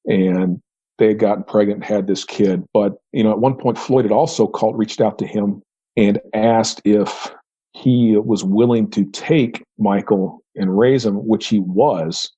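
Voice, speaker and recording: Husky dark-voiced man recounting an interrogation. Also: on the low side, unhurried, lo-fi sound. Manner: re-enacts his own questions in quoted dialogue. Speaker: investigator.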